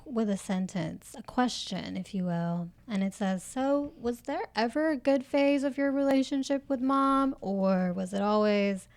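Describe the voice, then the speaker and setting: Slow-talking woman with wry quips. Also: fairly high pitch, darkish tone. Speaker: podcast co-host. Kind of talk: casual book-club chat.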